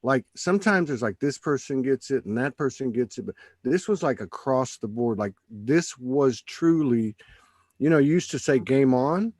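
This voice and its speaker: A man hosting a casual spiritual podcast, telling stories in an animated way and quoting himself and others. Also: mid-range voice, normal speed, dry recording. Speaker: podcast host.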